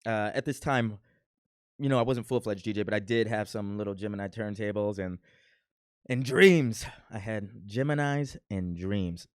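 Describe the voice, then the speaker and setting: A man's voice: on the low side, moderate pace, smooth, no echo, studio quality. A man in his thirties from Milwaukee, casually reacting to his old video in a playful, boastful, rambling way. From Milwaukee, USA. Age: 30s.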